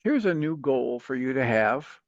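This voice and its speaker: A man hosting a call-in talk show, giving earnest, patient advice in a steady counseling manner. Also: medium pitch, unhurried, dry recording, dull audio. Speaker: radio talk show host, coach.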